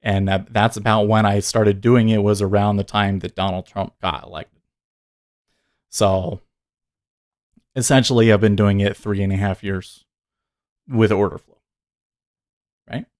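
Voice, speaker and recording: A man's voice: fairly low pitch, fairly even intonation, a little slow, long pauses, darkish tone, no room sound, studio quality. A man in his thirties hosting a day trading livestream, talking casually and earnestly, rambling with frequent self-corrections.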